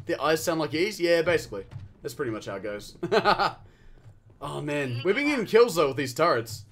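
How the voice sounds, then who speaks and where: Excitable New Zealand man streaming a game. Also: fairly high pitch, moderate pace. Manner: excitable, chatty, swears, yells at the game. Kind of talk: casual live-stream gameplay chat.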